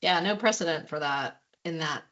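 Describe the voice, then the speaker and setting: A woman hosting a podcast interview, reacting with short murmurs and warm thanks. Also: low voice, muffled recording. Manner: slow, lively, frequent backchannel murmurs. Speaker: podcast host.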